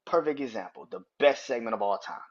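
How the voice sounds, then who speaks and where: A man hosting a casual wrestling review podcast, talking in a profane, rambling way with quick restarts. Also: mid-range voice, animated, lo-fi sound. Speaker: podcast host.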